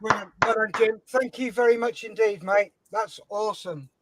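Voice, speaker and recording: High-voiced upbeat male auction host. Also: fairly even intonation, over a noisy crowd, poor audio. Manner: brisk and upbeat, reads out chat comments and counts down time. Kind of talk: live-stream auction hosting.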